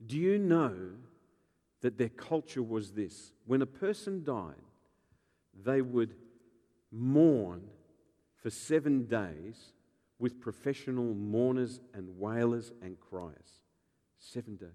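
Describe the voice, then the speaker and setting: Animated pastor in an echoing hall. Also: male voice, medium pitch, slow. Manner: animated storytelling, acting out voices, joking. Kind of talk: sermon.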